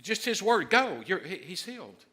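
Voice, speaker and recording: A middle-aged man preaching a sermon as pastor, excitable and emphatic, loud at times. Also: sits high, moderate pace.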